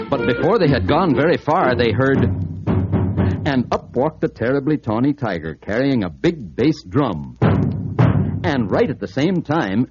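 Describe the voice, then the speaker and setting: Playful guy reading a kids story, bouncy voice, old muffled record w music. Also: mid-range voice. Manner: playful, sing-song, expressive. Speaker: narrator. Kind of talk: storybook narration for children.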